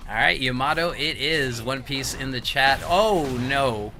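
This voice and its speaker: A man commentating a fighting game tournament stream, energetic and hype-building, with jokey asides. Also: medium pitch, unhurried, soft background music. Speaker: esports commentator.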